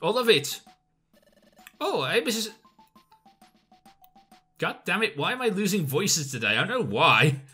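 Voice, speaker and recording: A man hosting a let's play, reading game dialogue aloud in a halting way with restarts. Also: sits high, sing-song, sharp tone, slightly rough, faint music behind. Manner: halting, with restarts and laughs at himself.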